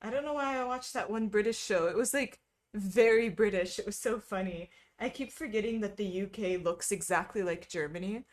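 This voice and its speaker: A woman's voice: medium pitch, moderate pace. A woman streaming casually, chatting with viewers while she stitches, full of wry asides and frequent laughter.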